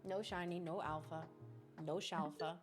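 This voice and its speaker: A woman's voice: on the low side, steady tone, a little slow. Chatty woman streamer over game music. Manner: chatty, reads and answers chat while playing; does silly voices and mimicry. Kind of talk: casual gaming livestream chat.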